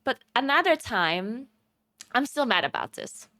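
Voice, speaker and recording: A woman's voice: a little high, a little slow. A young woman from Italy, a streamer, chatting casually with viewers and telling stories with a lot of laughter. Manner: animated storytelling, laughs often.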